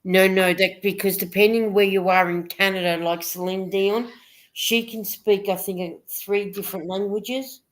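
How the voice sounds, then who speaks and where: A woman's voice: mid-range voice, fairly even intonation, normal speed. A woman hosting a casual livestream chat, rambling a little and reading viewer comments aloud. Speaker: host of a live chat stream.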